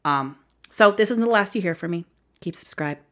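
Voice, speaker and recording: A young woman hosts her own podcast in a loose, chatty way, her pitch swinging widely as she talks. She laughs often, leans on fillers, and gets openly emotional. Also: animated, normal speed, a bit bright. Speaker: podcast host. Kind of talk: casual solo podcast chat.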